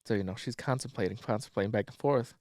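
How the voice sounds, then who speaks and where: A man's voice: on the low side, fast talker, a little mellow, dry recording, clean studio sound. A man co-hosting a podcast, retelling a movie plot in a loose, profane, slangy storytelling style. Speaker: podcast co-host. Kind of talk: casual plot recap.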